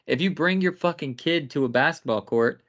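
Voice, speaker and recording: A man's voice: a little high, a little fast, fairly bright tone, lo-fi sound. A man co-hosting a podcast, ranting bluntly with lots of cursing in casual chat. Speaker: podcast co-host.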